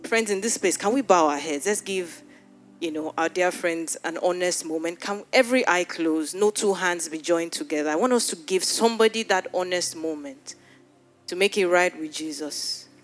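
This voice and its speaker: Earnest woman pastor with low voice. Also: moderate pace, faint music behind. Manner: earnest, pleading, repeats words. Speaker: pastor leading an altar call. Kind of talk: sermon altar call and prayer. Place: church hall with live audience.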